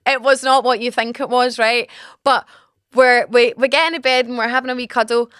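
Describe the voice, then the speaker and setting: A woman's voice: fairly high pitch, a little fast, clean tone, dry recording, clean studio sound. A woman in her twenties hosting a podcast, telling a story casually and with animation, laughing often and acting out what people said. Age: 20s. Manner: animated, laughing, acts out quotes. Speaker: podcast host.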